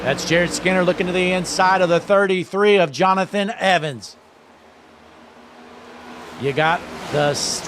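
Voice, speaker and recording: Male race caller, slightly high voice, noise behind him, play-by-play that gets loud and excited. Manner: excited, raising his voice at the green flag. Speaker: race commentator. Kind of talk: play-by-play sim racing commentary.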